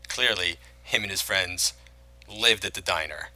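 Bright-toned man chatting about films. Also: low-pitched, a little slow, no room sound, poor audio. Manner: rambling, many restarts and "like"s. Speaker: podcast co-host. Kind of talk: casual film-talk chat.

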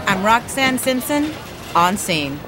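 An actress playing an on-scene TV news reporter with a brisk, deadpan delivery in a film clip. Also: female voice, mid-range voice, background noise. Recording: film clip with music and crowd.

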